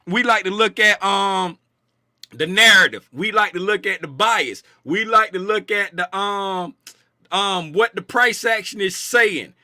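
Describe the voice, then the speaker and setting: A man's voice: high-pitched, unhurried, no room sound, studio quality. A man hosting a casual live stream about the market, joking with his chat in loose slang and repeating himself to drive a point home. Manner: playful, animated, reads chat names aloud and shouts bits of it. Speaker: trading stream host.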